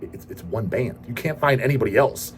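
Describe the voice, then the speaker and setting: A man's voice: on the low side, expressive, quick pace, a little hiss or hum. A man hosting a show, answering viewer questions in a profane, ranting casual style. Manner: profane, ranting, repeats goddamn. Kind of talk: casual rant.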